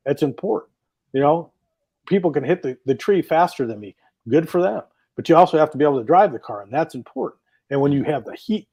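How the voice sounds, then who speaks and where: A man's voice: on the high side, warm tone. A man guest on a talk show, telling stories in an enthusiastic, rambling way over a video call. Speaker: drag racing driver guest. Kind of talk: casual talk show interview.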